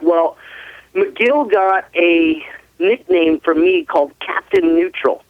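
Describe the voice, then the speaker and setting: A man's voice: high-pitched, takes it slowly, dry recording. A man, an ATV racer from the US West Coast, telling stories as a guest in a casual interview, laughing often. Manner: laughs often, rambling, animated. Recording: tinny phone line.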